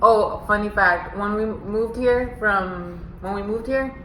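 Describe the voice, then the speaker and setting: A woman vlogger tells long, rambling stories while eating in front of the camera. Her voice sits at an average pitch. It carries a roomy echo over faint background noise. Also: slow pace, a bit bright. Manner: chatty storyteller, talking while eating. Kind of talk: casual mukbang chat.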